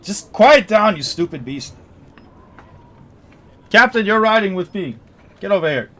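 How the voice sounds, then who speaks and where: A man voicing a hot-tempered woman rider who yells bossy orders. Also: sits high, expressive, measured pace, pitched above the performer's own voice, exaggerated voice. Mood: angry. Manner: yelling, bossy.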